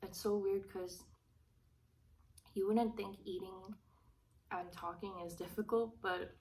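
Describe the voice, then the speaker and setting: A woman vlogger chatting casually during a mukbang, soft-spoken and rambling, pausing between bites. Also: mid-range voice, fairly even intonation. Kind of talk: casual chat while eating. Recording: slightly distant mic with faint hiss.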